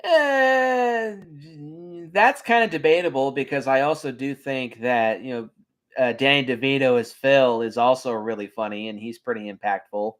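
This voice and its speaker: A man casually reviewing his favorite animated films, chatty and enthusiastic, with frequent ums. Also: mid-range voice, moderate pace. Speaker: film reviewer. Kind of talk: casual video commentary.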